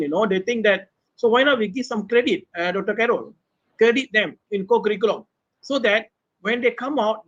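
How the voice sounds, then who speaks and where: A middle-aged professor with a Malaysian English accent holds forth on a panel, animated and throwing rhetorical questions at the others. His voice sits high for a man. The webinar audio is dull and lo-fi. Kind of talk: unscripted panel talk. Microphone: webinar video call mic.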